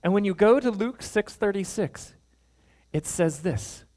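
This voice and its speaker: Pastor guy telling a story from the pulpit, kinda high voice, acts out the voices and laughs along. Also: a little slow. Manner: animated storyteller, acts out quoted voices with chuckles. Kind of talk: sermon storytelling.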